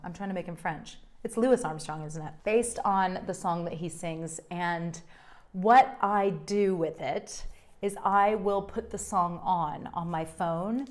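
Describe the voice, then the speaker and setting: A woman's voice: on the low side, unhurried. Gushing woman vlogger chatting to camera. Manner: gushing and effusive, talks straight to viewers. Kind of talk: casual chat to camera.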